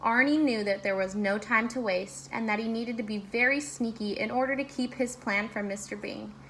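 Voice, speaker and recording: A woman reading a children's picture book aloud in an expressive, gently paced way. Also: a little high, moderate pace, a little hiss or hum. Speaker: storyteller. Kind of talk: children's storybook read-aloud.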